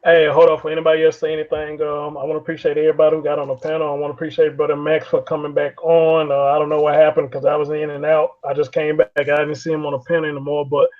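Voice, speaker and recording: A man's voice: a little high, completely flat delivery, racing, hardly any pauses. Laid-back man hosting a panel. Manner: laid-back, drawling, slangy. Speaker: host. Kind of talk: casual online panel chat. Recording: lo-fi call audio.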